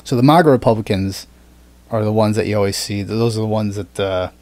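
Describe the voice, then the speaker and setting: A man's voice: on the low side, brisk, darkish tone, no room sound. A man hosting a podcast in casual chat, rambling with fillers and plenty of swearing. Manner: rambling, swears often, frequent fillers and restarts. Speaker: podcast host.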